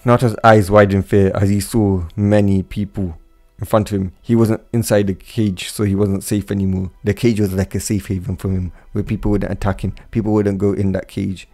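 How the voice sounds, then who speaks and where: Guy reading a fan story out loud, low mellow voice, stumbles and restarts a lot, faint music behind. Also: level tone, a little fast. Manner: unpolished reading with slips and restarts. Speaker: narrator. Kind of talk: amateur fan fiction reading.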